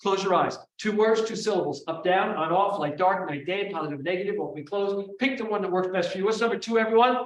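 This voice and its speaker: High-voiced man leading an energetic memory seminar. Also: fast, few pauses. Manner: energetic, call-and-response with the audience. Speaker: memory trainer. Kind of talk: live seminar teaching. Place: large room before a live audience. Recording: echoey room, voice from far off.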